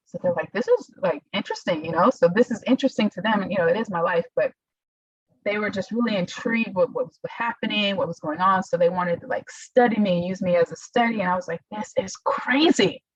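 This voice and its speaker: A young adult woman, a podcast guest, telling her story in a halting, emotional way and acting out what others said. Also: mid-range voice, slightly rough, dry recording, highs cut off. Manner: emotional, halting, quotes others in lively voices. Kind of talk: casual interview storytelling.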